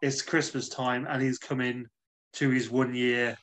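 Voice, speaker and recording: A man on a casual podcast explaining a film's plot in a steady, measured way. He often repeats himself as he works out his phrasing. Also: medium pitch. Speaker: podcast co-host. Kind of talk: casual chat.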